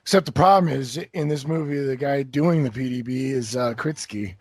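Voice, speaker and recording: Podcast guy, husky voice, dry sound, mostly agrees and cracks jokes. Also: medium pitch, moderate pace, a little mellow, dry recording. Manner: brief agreeing backchannels, joking asides. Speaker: podcast co-host. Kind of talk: casual podcast discussion.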